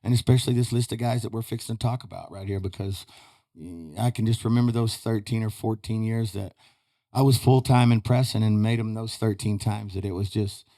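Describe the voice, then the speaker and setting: Guy, talks quick and rambly, mellow dark voice, folksy stories. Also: fairly low pitch, steady tone. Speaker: podcast guest, retired rodeo roper. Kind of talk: casual chat. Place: studio.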